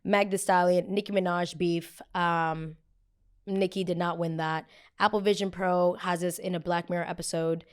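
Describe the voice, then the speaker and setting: A young woman hosting a podcast, giving a casual solo pop culture recap in a chatty, animated way, with fillers and sudden excited exclamations. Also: lowish voice, moderate pace, smooth. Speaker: podcast host.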